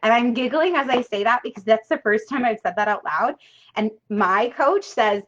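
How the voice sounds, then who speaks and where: A woman's voice: a little high, moderate pace, fairly bright tone. A woman coaching a live money workshop, chatty and emphatic, often tagging on "right?" and casual swearing. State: tearful at times. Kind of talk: casual live-stream teaching. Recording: dull lo-fi live-stream audio.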